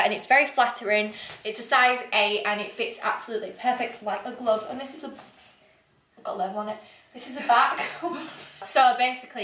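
Giggly young woman, high voice. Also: a bit bright, recorded from a distance, slight background noise. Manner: giggly, chatty. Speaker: vlogger. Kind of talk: casual haul video chat. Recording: roomy, a bit off-mic.

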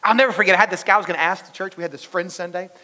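A man preaching to his congregation in an easy, storytelling way, often asking them questions. His voice sits high. The sound carries the long reverb of a large church hall. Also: fairly even intonation, racing, bright, forceful tone. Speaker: pastor. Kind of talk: conversational sermon. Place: church sanctuary.

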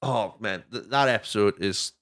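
A man's voice: fairly low pitch, moderate pace, fairly bright tone, no room sound, studio quality. A young man hosting a podcast in casual chat, rambling and jokey and swearing freely. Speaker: podcast host.

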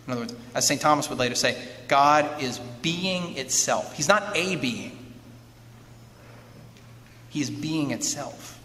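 A man giving a lively lecture, often turning to his listeners with quick questions to check that they follow. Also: medium pitch. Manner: keeps checking in with listeners through rhetorical questions. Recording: long hall reverb with faint background noise.

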